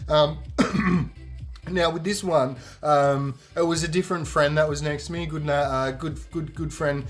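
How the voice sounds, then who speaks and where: A man's voice: on the high side, unhurried, faint music behind. A young man hosting a podcast, telling a festival story casually, acting out the voices and swearing freely. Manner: animated, acts out quoted voices, swears freely. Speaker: podcast host.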